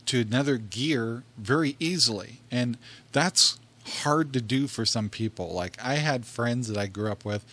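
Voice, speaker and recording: A middle-aged man hosts a laid-back podcast, speaking into a desk microphone in a mid-range voice. He rambles, laughs often and restarts his sentences as he tells stories. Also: mid-range voice. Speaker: podcast co-host. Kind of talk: casual podcast monologue.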